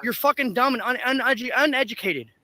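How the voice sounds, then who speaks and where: High-voiced, taunting man. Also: brisk, pushed and bright. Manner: aggressive, profane, taunting. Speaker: street streamer. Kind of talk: confrontational livestream ranting. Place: outdoors on a public sidewalk. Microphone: handheld camera.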